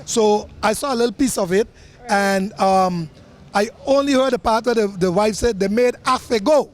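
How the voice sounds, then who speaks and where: High-voiced man, jokey and excitable, hyping an event. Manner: jokey, excitable, quick laughs. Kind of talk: excited promo chat.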